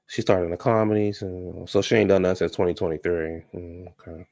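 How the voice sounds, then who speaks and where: Sassy gravelly man dishing reality TV gossip. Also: deep voice, little pitch movement, fairly quick, few pauses, a little mellow, no echo, clean studio sound. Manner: sassy, gossipy, talks back at the show. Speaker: reality TV recap host. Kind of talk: casual recap commentary.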